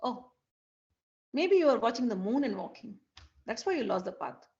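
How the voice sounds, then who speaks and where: A woman's voice: on the high side, big pitch swings, moderate pace, a little mellow, highs cut off. A woman playing a sulking, sarcastic young queen. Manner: sarcastic, scolding. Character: young divine queen, proud, sulking, teasing.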